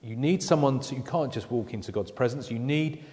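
A man preaching a sermon in a relaxed, conversational way, with dry joking asides. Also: medium pitch, brisk, in a large hall.

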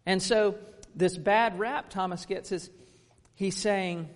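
A man's voice: high voice, fairly even intonation, takes it slowly, big-room sound. A man in his thirties preaching a sermon, earnest and emphatic, asking rhetorical questions.

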